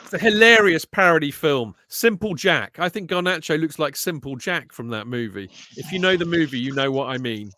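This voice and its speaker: Chatty, excitable man hosting a football podcast. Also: fairly high pitch, brisk, few pauses, no echo. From England. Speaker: podcast host. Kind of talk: casual football podcast chat.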